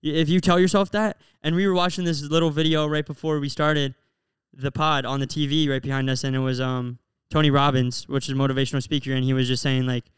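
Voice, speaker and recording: A man's voice: mid-range voice, flat delivery, fast talker, clear, resonant tone, dry recording. A young man from Florida co-hosting a podcast, telling stories in an open, earnest way with lots of "like". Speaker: podcast co-host. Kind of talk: casual chat.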